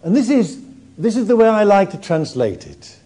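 Male preacher, expressive storyteller, lively pitch, mellow tone. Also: moderate pace, slightly rough. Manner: animated storytelling with warm humour. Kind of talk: sermon.

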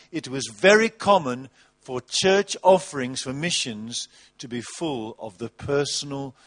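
A man preaching a sermon, animated and mocking, with big swings between loud and soft. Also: medium pitch. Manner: animated, mocking with put-on voices, wide swings in loudness. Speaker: pastor.

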